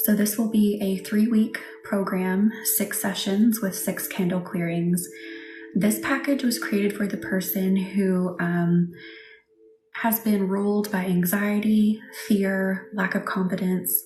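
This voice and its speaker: Female Reiki host, live chat with viewers; gentle and reassuring, at times whispery. Roomy sound with light background noise. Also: mid-range voice. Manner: soft, reassuring, often drops to a whisper. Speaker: Reiki practitioner hosting a live session. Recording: echoey room with faint background noise.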